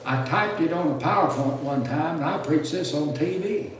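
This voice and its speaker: There's a slight hiss or hum as an older man with a somewhat high voice, at moderate pace, teaches a preaching class in a church classroom. He rambles folksily, restarting and chuckling, heard through a distant mic in a roomy space with faint ambience.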